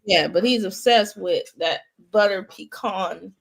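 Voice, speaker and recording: A woman in the host's seat of a casual podcast, her voice sitting at an ordinary middle pitch. She talks in an animated, gossipy way and slips into acting out other people's lines. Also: measured pace, vocal fry. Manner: animated, acts out quotes. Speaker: podcast host.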